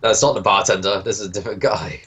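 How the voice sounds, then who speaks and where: A man's voice: lowish voice, steady tone, racing, muffled recording, a crowd in the background. A man running a tabletop role-playing game as game master, hesitant and often laughing between his rulings.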